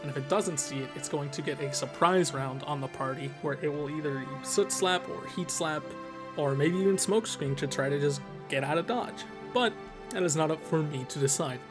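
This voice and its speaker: A man with a slightly higher voice talks through a tabletop monster encounter, relaxed and chatty, leaning on fillers as he goes. A music bed plays clearly beneath him throughout. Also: moderate pace. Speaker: podcast host presenting a tabletop monster. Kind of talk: casual explanatory talk about game design.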